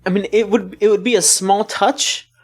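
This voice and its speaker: A man co-hosting a gaming podcast, chatting casually in a relaxed, rambling way with frequent laughs. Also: high voice, moderate pace. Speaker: podcast co-host. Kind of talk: casual chat.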